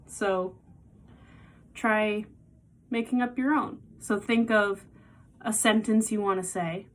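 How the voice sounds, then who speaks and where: A woman's voice: mid-range voice, steady tone, slow. A woman giving a casual songwriting lesson, patiently explaining and counting beats aloud, with guitar playing behind her. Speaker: music teacher.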